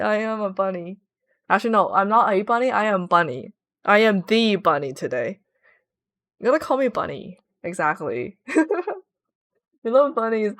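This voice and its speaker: A woman's voice: medium pitch, expressive, moderate pace, pauses often, a bit bright. A woman streaming a game, chatting casually and giggling as she reads viewer messages aloud. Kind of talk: casual livestream chat.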